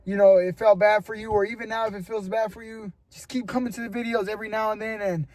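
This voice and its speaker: A man's voice: high voice, little pitch movement, quick pace, a little mellow, no echo. A young man vlogging casually to the camera, earnest and rambling, giving motivational talk and calling his viewers "bro". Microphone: camera mic.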